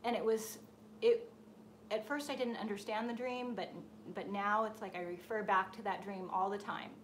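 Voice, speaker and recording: A woman hosting a live stream for her design group, telling a personal story in a casual, animated way. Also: medium pitch, normal speed, slight background noise. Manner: animated storyteller, acts out voices in her anecdotes. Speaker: host of a painting and design group. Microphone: live stream setup.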